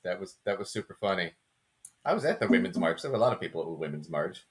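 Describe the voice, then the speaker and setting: Low, lively sarcastic male podcast host. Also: fast talker. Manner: sarcastic, dismissive. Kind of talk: casual commentary on clips.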